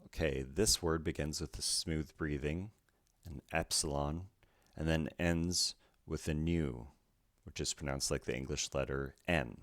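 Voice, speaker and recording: Male tutor, extremely low voice, unhurried and methodical, dry close recording. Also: fairly bright tone, dry recording. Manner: careful, methodical, spells out each letter. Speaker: Greek language teacher. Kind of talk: slow letter-by-letter pronunciation lesson.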